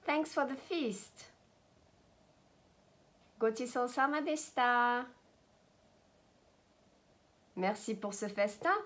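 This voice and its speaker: A woman teaching a language lesson, saying each phrase slowly and repeating it for learners. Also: a little high, fairly bright tone. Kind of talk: slow, careful language lesson.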